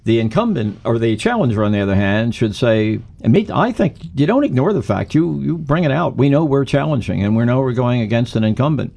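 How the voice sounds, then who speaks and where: A speaking coach answers interview questions conversationally, driving his points home with emphatic, instructive tips. His mid-range, slightly dark voice has a sing-song lilt and some vocal fry, and he talks fairly quickly with few pauses.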